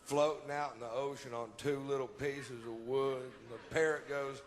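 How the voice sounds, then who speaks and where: A male comedian telling a joke in a rambling, animated way. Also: mid-range voice, moderate pace, few pauses, very noisy.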